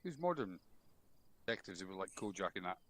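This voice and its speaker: A man's voice: low voice, big pitch swings, brisk, fairly bright tone, dry recording. Casting: man, game-unit instructor, blunt and sweary with jokes, headset voice chat, dry sound. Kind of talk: military briefing in a game.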